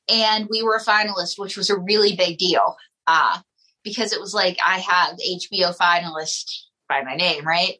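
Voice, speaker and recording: Husky, bright-voiced chatty woman. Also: medium pitch, rough recording. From United States. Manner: chatty, rambling, with many fillers. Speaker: comedian and ventriloquist guest. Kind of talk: casual interview chat.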